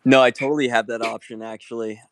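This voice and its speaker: A man's voice: mid-range voice, level tone, fast talker, background noise. A young adult man joining a casual live audio chat as a guest, talking bluntly and crudely.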